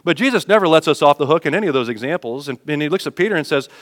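A pastor preaches in a church, his voice sitting a little high for a man. He talks to his congregation like a conversation and pushes louder when he wants a point to land. A long reverb from the hall trails after his words. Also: animated, racing. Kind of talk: sermon.

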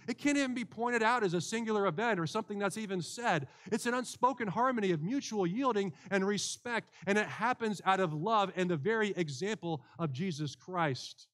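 High-voiced man preaching a sermon. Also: a bit bright. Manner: earnest preaching with repeated restarts. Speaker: pastor. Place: church.

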